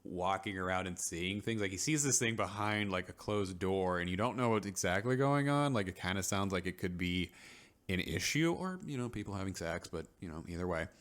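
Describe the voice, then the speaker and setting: A vlogger gives a casual, rambling rant recapping a TV episode, packed with filler words and quick quoted asides mocking the characters. He has a deep, a bit bright voice with lively intonation.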